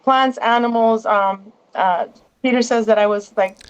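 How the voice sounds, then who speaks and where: A woman's voice: fairly high pitch, measured pace, clear, resonant tone, muffled recording. A woman as a guest in a casual interview, rambling along with many restarts and asides.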